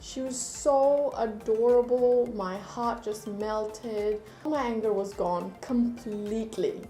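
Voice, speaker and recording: A woman beauty vlogger chatting to camera, telling stories in a lively way at her desk. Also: a little high, slow, roomy sound, faint music behind. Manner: chatty, animated storytelling. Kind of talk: casual chat to camera. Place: indoor room at a desk.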